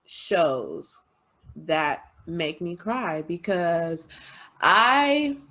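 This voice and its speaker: A woman talks openly in a casual podcast chat, confiding and chatty. Her voice sits slightly low, and she often breaks into laughter and quick asides. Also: sing-song, fairly bright tone. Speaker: podcast host.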